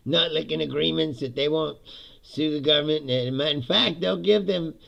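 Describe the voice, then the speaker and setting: A man's voice: on the high side, unhurried, vocal fry, muffled recording. A man hosting his own podcast, ranting casually about politics, swearing freely and laughing often between lines. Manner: profane, laughs often, animated. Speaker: podcast host. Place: home basement studio.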